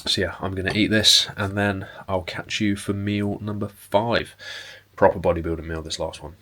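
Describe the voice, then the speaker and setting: A young bodybuilding vlogger and personal trainer chats casually to the camera, indoors at home and in a parked car. His voice is low and fairly monotone, at a normal speed. He's relaxed and rambly, with lots of fillers and some mild swearing.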